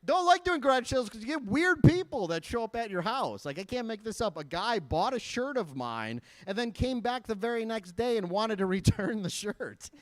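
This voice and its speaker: A man's voice: high voice, lively intonation, normal speed, few pauses, no room sound. A young man from Michigan doing a stand-up comedy set, joking and laughing at his own lines.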